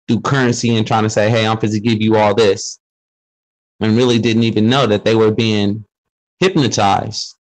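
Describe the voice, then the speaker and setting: A man in a casual group talk, explaining his views with slang and quick asides. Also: mid-range voice, rough recording. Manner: explains with questions and street slang. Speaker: speaker in a group discussion. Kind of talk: casual conversational monologue.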